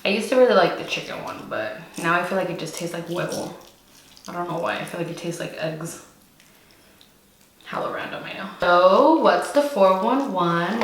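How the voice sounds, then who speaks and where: Young woman vlogger from California, slightly low voice, breathless and slangy, echoey room with faint hiss. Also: a bit bright. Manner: chatty, slangy, eating while talking. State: out of breath, pregnant. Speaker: YouTube host. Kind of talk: casual mukbang chat.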